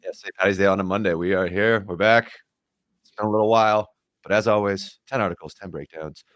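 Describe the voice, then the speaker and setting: A man's voice: deep voice, steady tone, fairly quick, fairly bright tone, no room sound, clean studio sound. A man co-hosting a tech podcast, upbeat and casual, laughing often as he talks through the news. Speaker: podcast co-host.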